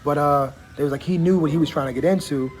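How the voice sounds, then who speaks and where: A man's voice: fairly high pitch, fast. A man hosting a casual livestream from a barbershop, chatting and reading out viewers' comments. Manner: talkative, reads out chat comments. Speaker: livestream host.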